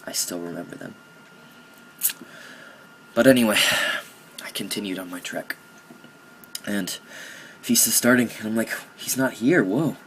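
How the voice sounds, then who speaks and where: Young male gaming commentator, lowish voice, casual with mock-serious theatrics, faint noise behind. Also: unhurried, pauses often, a bit bright. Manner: mock-dramatic, joking about his own feelings.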